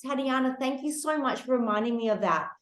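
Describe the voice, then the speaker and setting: A woman hosting a candid, casual podcast chat, animated and laughing, with casual swearing. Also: high voice, brisk, echoey room. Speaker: podcast host.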